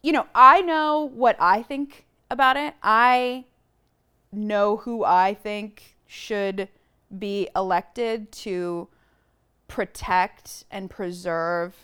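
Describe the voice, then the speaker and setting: Podcast guest, woman, earnest and searching for words, smooth voice, lapel mic. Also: medium pitch, extremely slow, sharp tone. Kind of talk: casual conversation. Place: room shared with host.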